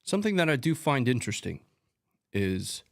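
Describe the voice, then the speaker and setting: A man's voice: mid-range voice, normal speed, gravelly. A man hosting a live stream, talking casually through combat footage with chatty asides. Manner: relaxed, conversational, chatty asides. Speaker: host.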